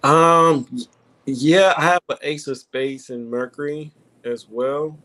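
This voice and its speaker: A man talking casually in a group discussion, halting with many fillers and restarts. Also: on the high side, steady tone, sharp tone. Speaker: panelist discussing card readings.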